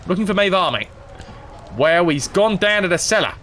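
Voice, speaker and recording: A man voicing a gruff, boozy middle-aged male thief who talks in a rough, chummy way. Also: sits high, animated, normal speed, fairly bright tone, a little hiss or hum, voice pushed up.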